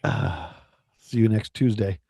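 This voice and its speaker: A man's voice: on the low side, fairly even intonation, takes it slowly, gravelly, warm tone. A man co-hosting a podcast, chatting casually and rambling with many restarts. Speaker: podcast co-host. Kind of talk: casual chat.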